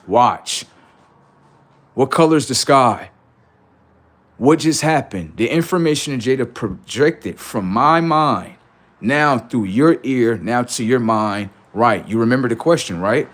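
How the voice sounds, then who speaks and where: A man hosting a livestream, talking casually in slangy speech and preaching in rhetorical questions, acting out both sides of imagined exchanges. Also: medium pitch. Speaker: livestream host.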